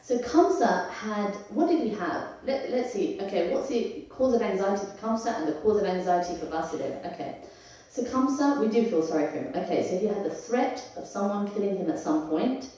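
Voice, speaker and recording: In an echoey temple hall, a woman heard from a distance teaches a devotional scripture class conversationally, asking her audience questions along the way. Her medium-pitched voice is expressive, warm and slightly fast.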